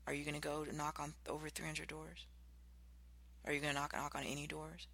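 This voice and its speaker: A podcast host giving an animated motivational talk, acting out contrasting example voices. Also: medium pitch, a little fast, gravelly.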